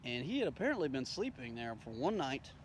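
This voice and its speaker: A man's voice: mid-range voice, very animated, a little fast, a little hiss or hum. A man telling a rambling, profane story in a casual way, acting out the dialogue as he goes. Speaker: storyteller recounting his day.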